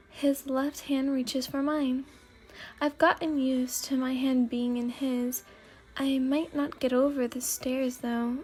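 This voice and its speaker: A woman narrating a whispered role-play story in the first person, softly and unhurriedly. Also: high-pitched.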